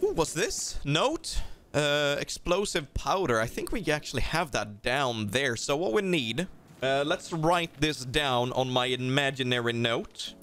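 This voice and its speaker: A man hosting a let's play, chatting playfully with excitable exclamations as he explores. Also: medium pitch, unhurried. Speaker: gaming video host.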